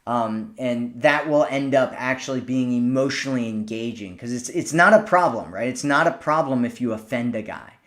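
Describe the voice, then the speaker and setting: A man's voice: mid-range voice, normal speed, few pauses, a bit bright. Man giving casual dating advice. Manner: conversational, repeats himself, acts out sample lines. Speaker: dating coach.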